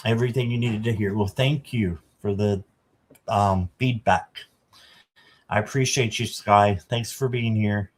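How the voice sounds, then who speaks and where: A man's voice: on the low side, fairly even intonation, measured pace. A man doing a casual live tarot reading, chatting to viewers and reading the card text aloud. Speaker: tarot reader.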